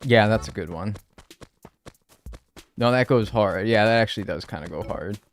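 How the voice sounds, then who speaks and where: A man's voice: fairly low pitch, normal speed, faint music behind. A man streaming a game live, chatting casually and joking with his chat from his room.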